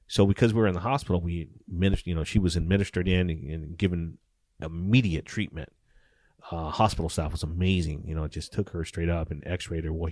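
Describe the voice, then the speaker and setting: A man's voice: deep voice, darkish tone, dry recording, clean studio sound. A middle-aged man and former police officer telling stories in a casual interview, swearing often and acting out the dialogue with animation.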